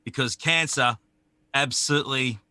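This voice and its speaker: A man's voice: medium pitch, normal speed, sharp tone, a little hiss or hum. A man signing off from a live stream, enthusiastic and repeating his encouragement. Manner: enthusiastic and repetitive. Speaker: departing guest. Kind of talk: casual stream sign-off.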